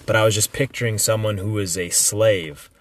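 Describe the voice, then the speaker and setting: A man's voice: on the low side, fairly even intonation, normal speed. A young man in casual podcast chat, talking with emphasis, swearing freely and using lots of fillers. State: recovering from illness.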